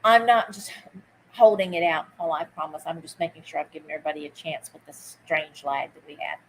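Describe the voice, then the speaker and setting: A woman's voice: deep voice, steady tone, fairly quick, a little hiss or hum, rough recording. A woman hosting a live online vintage sale. She chats casually, greets viewers by name while she takes bids, and drops easy asides. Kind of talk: live-stream auction chat.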